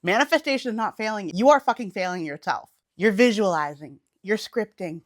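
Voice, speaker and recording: Young woman cussing her way through a no-nonsense coaching vlog, loud and punchy. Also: fairly quick, no room sound, clean studio sound. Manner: blunt, profane and high-energy. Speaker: manifestation coach on her channel. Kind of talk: casual vlog talk to camera.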